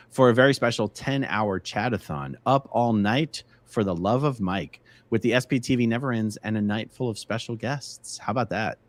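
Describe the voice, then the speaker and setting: A man's voice: lowish voice, dry recording. A man co-hosting a livestream, reading out viewer messages in a casual way. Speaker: co-host reading viewer comments.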